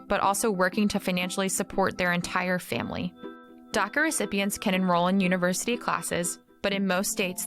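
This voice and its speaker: A woman's voice: lowish voice, a bit bright. A woman narrating a podcast in a polished, scripted read.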